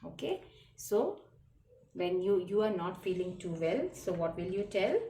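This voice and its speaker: A woman speaks slowly and patiently, walking children through a lesson and spelling words out letter by letter. Her voice sits back from the microphone in a roomy, echoing space, with a middle pitch. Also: very animated, mellow, far from the mic, a little hiss or hum. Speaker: teacher. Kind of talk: slow classroom lesson explaining French words. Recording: roomy echo, voice from away from the mic.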